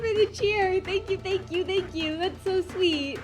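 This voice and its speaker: A woman VTuber streamer chatting casually on a live stream, gushing and excitedly thanking her chat. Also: very high voice, a little slow, faint music behind.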